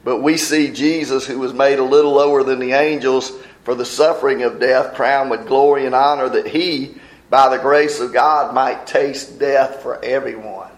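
Guy preaching, folksy, walks thru bible verses, mid pitch, roomy echo. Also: steady tone, moderate pace. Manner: folksy, explains scripture verse by verse. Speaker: pastor. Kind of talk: sermon.

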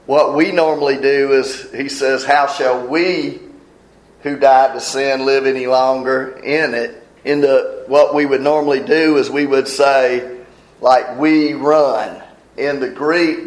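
A man's voice: mid-range voice, roomy sound, low-quality recording. A man preaching a sermon in a folksy manner, explaining scripture verse by verse. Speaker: pastor.

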